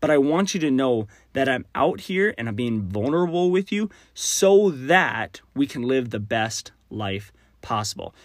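A young man from Texas hosts a solo podcast, delivering a casual monologue in a rambling, friendly and self-deprecating way. His voice is medium-pitched, and the sound is clean studio quality with no room sound.

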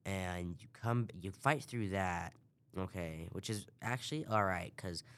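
Low-voiced man rambling through a game recap. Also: unhurried, a bit bright. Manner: rambling, swears casually. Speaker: podcast host. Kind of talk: casual video game recap.

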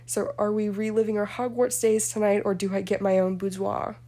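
A woman's voice: mid-range voice, steady tone, fairly quick, warm tone, natural voice. A woman reading a story aloud and voicing a spiteful, mocking young witch with a sneering, sarcastic delivery.

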